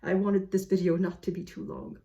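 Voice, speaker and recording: A woman from Canada hosting a book video in a casual, chatty way, rambling and correcting herself with frequent fillers and quick asides. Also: medium pitch, flat delivery, dark tone, dull audio. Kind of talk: casual chatty vlog talk.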